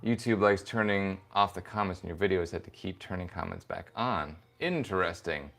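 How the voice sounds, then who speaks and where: Giggly low-voiced man chatting while crafting. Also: normal speed, creaky, fairly bright tone. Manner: playful, giggly, rambling. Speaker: host of a crafting stream. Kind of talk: casual chat while crafting leather.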